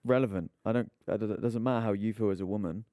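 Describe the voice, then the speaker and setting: Guy in his 20s, podcast host, smooth clear voice, dry studio sound. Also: lowish voice, fast, dark tone, no room sound. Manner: earnest, blunt, swears casually. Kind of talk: casual chat. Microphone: podcast mic.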